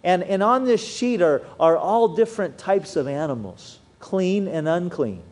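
A man preaching a sermon, telling stories with animated swings in loudness. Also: high voice, measured pace. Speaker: pastor.

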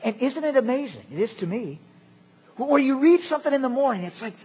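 A man preaching a sermon as pastor, animated and jokey, swinging between loud outbursts and quiet asides. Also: very high voice, fairly quick, slightly rough.

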